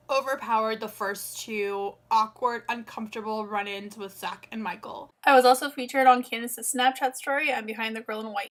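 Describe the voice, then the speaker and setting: Bright, chatty young woman vlogger. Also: fairly high pitch. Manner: chatty, lots of "like" and quoted dialogue. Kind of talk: casual storytelling vlog.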